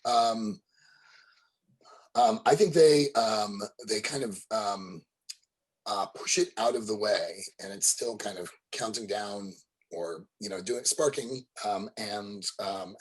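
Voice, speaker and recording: Slow, husky game master. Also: male voice, fairly low pitch, poor audio. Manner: hesitant, full of ums and uhs. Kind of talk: narrating a tabletop game.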